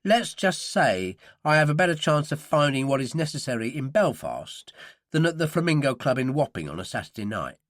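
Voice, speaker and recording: Cocky young gangster, read by a male narrator, lively and sharp. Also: medium pitch, fairly quick, no room sound, clean studio sound. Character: cocky young London gangster who quotes philosophy.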